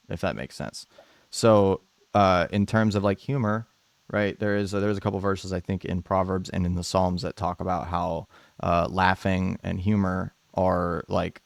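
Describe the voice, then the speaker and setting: A man's voice: deep voice, fairly even intonation, measured pace, creaky, no room sound. A man hosting a live debate stream, talking in a laid-back, casual way with many filler words. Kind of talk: casual chat.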